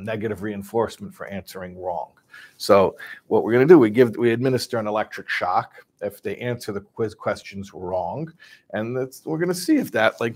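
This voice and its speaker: Animated man retelling a story. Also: on the low side. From Chicago. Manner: animated, acts out voices, many restarts and asides. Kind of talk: casual spoken retelling.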